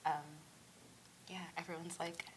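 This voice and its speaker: A woman stage actor in a casual cast Q&A, talkative and giggly, trailing into soft near-whispers. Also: lowish voice, flat delivery, a little slow, crowd noise, poor audio. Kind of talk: casual panel Q&A.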